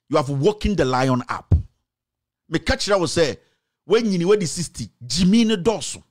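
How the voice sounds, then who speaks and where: A man's voice: fairly high pitch, lively intonation, normal speed. A man with a Ghanaian accent giving heated political commentary, scolding and emphatic, mixing in Twi phrases.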